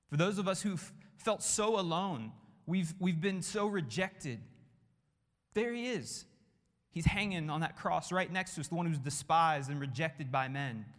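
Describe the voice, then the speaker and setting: A man preaching a sermon with passion, building through repeated phrases and dropping to hushed tones. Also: a little high. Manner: impassioned, rhythmic repetition, drops to hushed tones. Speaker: pastor. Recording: long hall reverb.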